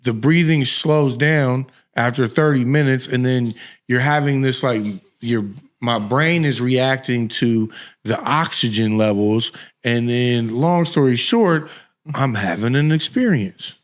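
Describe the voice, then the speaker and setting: Animated, slangy man telling a story. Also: medium pitch, a little slow. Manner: animated, laughing, slangy and profane. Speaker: podcast host. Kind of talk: casual storytelling chat.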